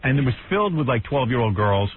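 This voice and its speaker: A man's voice: medium pitch, big pitch swings, fast, slight background noise. A man hosting a radio talk show, prodding his guests with teasing questions. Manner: probing, teasing questions, laughs often. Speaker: radio host. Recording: phone-like radio broadcast, crowd behind.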